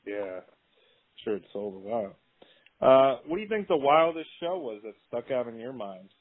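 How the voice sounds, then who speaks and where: A man's voice: mid-range voice, very animated, normal speed, breathy edge. A man interviewing a guest, with short questions and brief replies. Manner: short prompts and backchannels. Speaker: zine interviewer. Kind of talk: casual interview. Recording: tinny phone-like audio.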